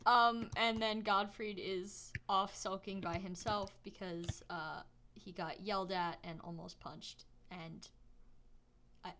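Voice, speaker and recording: Woman game master, bright voice, casual chatty narration, light background noise. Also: mid-range voice, fairly even intonation, slow. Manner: casual, chatty, many fillers. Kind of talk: narrating a tabletop game session.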